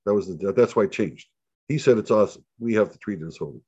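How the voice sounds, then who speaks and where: On the low side and fast, with a slightly rough texture, his voice comes through a dry, dull lo-fi recording. This rabbi gives an informal Torah lesson, telling stories with animation, acting out the dialogue, and repeating himself many times.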